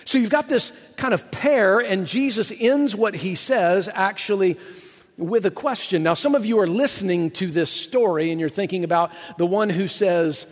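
A man preaching a sermon as pastor, animated, acting out quotes in playful voices. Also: high-pitched, moderate pace, long reverb tail.

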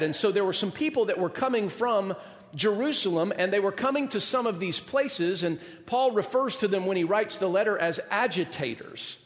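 A man preaching a sermon, his voice pitched high for a man. He tells a story in an animated way, acting out the people in it. The hall around him carries a long reverb. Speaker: pastor.

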